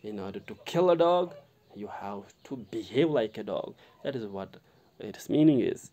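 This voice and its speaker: A man with a Kashmiri English accent explaining a poem line by line to students, halting often and repeating himself. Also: fairly low pitch, animated, mellow. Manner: halting, many fillers and restarts, addresses the listener directly. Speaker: literature teacher.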